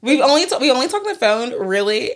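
A woman's voice: high voice, very animated, fast. A woman in her twenties, a podcast co-host, rambling through stories in casual chat with many fillers and giggles.

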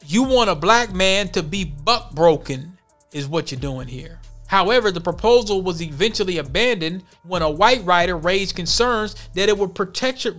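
High-voiced man doing heated commentary. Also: fairly bright tone. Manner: blunt, heated commentary with slang. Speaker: podcast host. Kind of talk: reading news and commenting.

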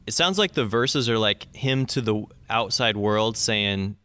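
A man's voice: fairly low pitch, moderate pace, hardly any pauses, pushed and bright, smooth, no room sound, studio quality. A man co-hosting a casual album review chat, talking thoughtfully with many fillers and restarts. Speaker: album review podcast co-host.

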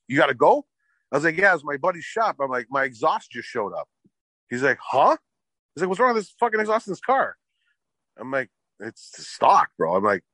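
A man's voice: medium pitch, sharp tone, no echo. Profane rambling man telling a car story. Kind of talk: casual storytelling chat.

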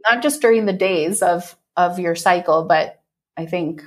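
A woman hosting a podcast in a casual interview, animated and effusive, laughing often and swearing freely. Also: lowish voice, measured pace. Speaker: podcast host.

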